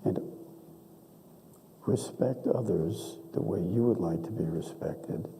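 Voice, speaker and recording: A man's voice: deep voice, takes it slowly, warm tone, slight background noise, poor audio. An older man giving a folksy, homespun speech at a ceremony, telling a family story and offering advice. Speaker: ceremony speaker, donor. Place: auditorium.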